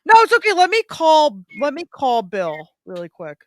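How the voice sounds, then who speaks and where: A woman's voice: sits high, huge pitch swings, normal speed, dry recording. A woman hosting a podcast over a video call, chatting casually and giggling often.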